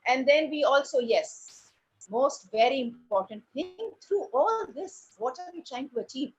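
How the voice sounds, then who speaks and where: Animated woman teacher, high voice. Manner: deliberate pauses and stressed words. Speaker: drama teacher. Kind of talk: presentation to parents. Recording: dull lo-fi recording.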